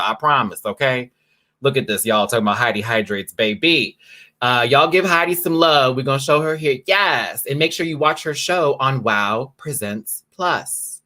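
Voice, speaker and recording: A man's voice: medium pitch, bright, forceful tone. A man hosting his own live stream from his apartment, chatting casually and campily with drag slang. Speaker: live-stream show host.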